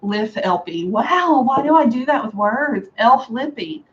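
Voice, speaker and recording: A woman chatting casually through a hair styling tutorial at home, sarcastic and quick to laugh. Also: on the high side, animated, muffled recording, slight background noise. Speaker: beauty vlogger. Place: home room with a fan.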